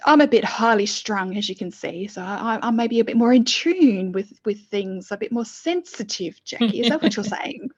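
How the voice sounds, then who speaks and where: A lively middle-aged woman talks through a personal story in a relaxed interview. She slips into acted quotes from her past self. The sound is slightly muffled. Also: a little high, normal speed, few pauses. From lived in the UK. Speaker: podcast co-host, guest. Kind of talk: casual interview chat.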